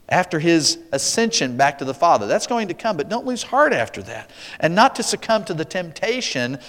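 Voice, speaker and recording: Emphatic male preacher in a reverberant hall. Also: on the high side. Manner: emphatic, swings from loud declarations to quiet asides. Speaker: pastor. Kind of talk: sermon.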